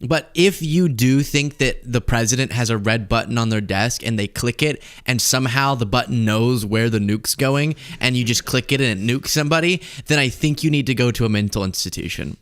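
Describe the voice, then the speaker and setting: A man's voice: medium pitch, fairly quick, few pauses, clear, resonant tone. A man hosting a political commentary show, talking casually and sarcastically and laughing often.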